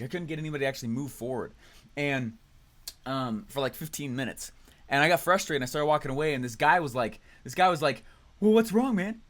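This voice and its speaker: A man in his thirties gives an energetic motivational training talk, telling a story with lots of "right?" and "okay?" check-ins. His voice sits a little higher than most men's. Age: 30s.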